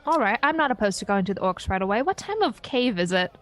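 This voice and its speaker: A woman's voice: medium pitch, big pitch swings, quick pace. A woman playing a tabletop game, speaking in short matter-of-fact lines. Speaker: player. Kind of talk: in-character tabletop play.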